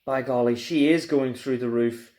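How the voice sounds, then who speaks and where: A man's voice: medium pitch, steady tone, normal speed, darkish tone, close to an everyday voice. A man voicing an anxious young boy in a storybook reading, pleading and worried.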